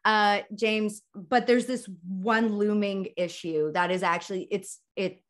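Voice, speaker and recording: A woman's voice: medium pitch, steady tone, measured pace. A young woman chatting candidly on a podcast, rambling, swearing and laughing often. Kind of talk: casual podcast chat.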